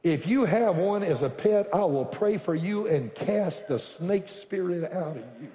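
A man's voice: high voice, a little slow, hardly any pauses. Preaching man in an echoing church. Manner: animated storytelling with joking asides, bursts to shouting. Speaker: pastor. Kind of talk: sermon. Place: church sanctuary. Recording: echoey reverberant hall.

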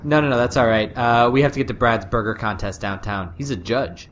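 A man's voice: medium pitch, a little fast, fairly bright tone. A man co-hosting a comedy podcast in an easygoing, chummy way. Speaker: podcast co-host. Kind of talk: improvised comedy sketch.

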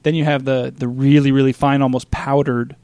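A man's voice: mid-range voice, flat delivery, a little fast, warm tone, smooth, no room sound. A man co-hosting a casual podcast chat, rambling with restarts and jokey asides. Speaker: podcast co-host.

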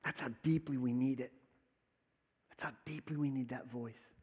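A man preaching a sermon as pastor, earnest, rising to emphatic peaks and dropping to soft asides. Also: medium pitch, steady tone, moderate pace, husky. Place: church hall with congregation. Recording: long reverb of a large hall.

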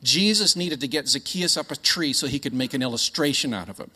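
A middle-aged Canadian man preaching a sermon in a chatty, joking, animated storytelling way. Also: mid-range voice, brisk. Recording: echoey hall.

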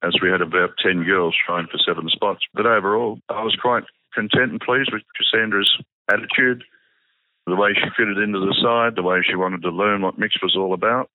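A man with an Australian accent, a touch football coach, giving a measured, plain-spoken interview answer over the phone. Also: low voice, dry recording. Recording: tinny phone line.

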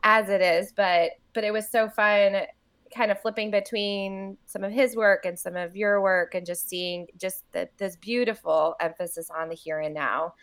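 Female podcast host, mid pitch, eager and affirming, loose casual phrasing. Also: steady tone, moderate pace, a bit bright, smooth. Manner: enthusiastic, affirming, many fillers. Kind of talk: casual interview.

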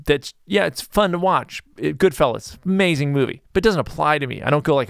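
A man's voice: fairly high pitch, fast talker, creaky, hardly any pauses, fairly bright tone, no echo, clean studio sound. A man hosting his own podcast, talking through a casual solo monologue that rambles, with frequent restarts and asides. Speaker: podcast host.

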